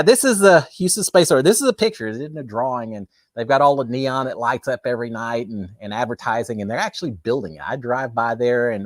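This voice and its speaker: A man's voice: medium pitch, no room sound, studio quality. A man hosts a casual, chatty livestream. He talks with enthusiasm and plenty of fillers. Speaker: host.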